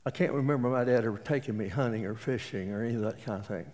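A man's voice: medium pitch, quick pace, a little mellow. A man in his late seventies with an East Texas accent, preaching a sermon and telling folksy stories with jokes. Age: 70s. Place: auditorium. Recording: reverberant auditorium.

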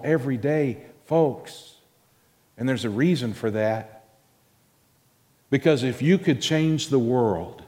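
A man preaching a sermon as pastor, swinging between loud, high emphasis and quiet, drawn-out words. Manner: dramatic swings in pitch and volume, drawn-out emphasis. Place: church sanctuary. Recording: long reverb of a church hall.

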